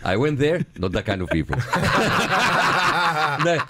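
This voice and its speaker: Animated man, noisy recording. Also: on the low side, a little slow. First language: Arabic. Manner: animated storyteller, mixes in Arabic words, mimics people. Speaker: guest comedian. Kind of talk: joking podcast chat.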